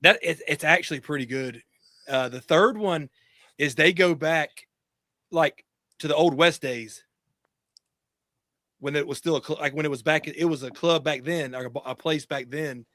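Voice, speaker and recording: A man's voice: a little high, moderate pace, long pauses, bright, forceful tone, no room sound, clean studio sound. A man co-hosting a podcast, telling stories in casual, profane banter and laughing easily. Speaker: podcast co-host.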